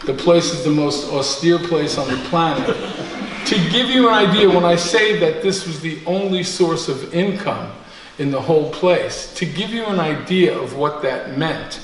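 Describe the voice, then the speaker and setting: A man in his sixties tells self-deprecating personal stories to a live group, animated and laughing often. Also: a little high, moderate pace. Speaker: storyteller guest. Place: community center room. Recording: echoey room, mic far off, faint noise.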